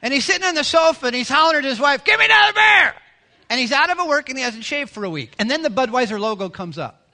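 A man, the pastor, preaching a sermon in a lively, joking way, often mimicking people. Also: very high-pitched, racing.

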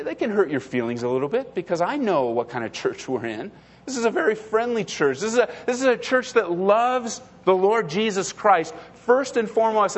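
A male pastor delivers a sermon in a high voice that swings widely in pitch. He hammers his points by repeating them, often stumbling over and restarting his phrases. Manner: emphatic, repetitive, stumbling restarts.

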